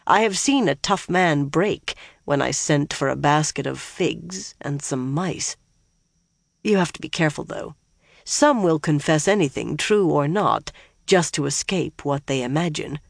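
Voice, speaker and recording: A wary, seasoned man explains his methods in a quiet, measured voice, as an audiobook reader puts him on. He speaks slowly and keeps his tone level. The sound is dry and close. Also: on the high side, gravelly, no echo. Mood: calm.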